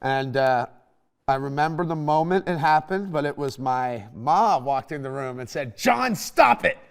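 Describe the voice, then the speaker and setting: A young man hosting a casual chat, telling a lively, swearing, laughing story. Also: medium pitch, moderate pace, smooth. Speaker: podcast host.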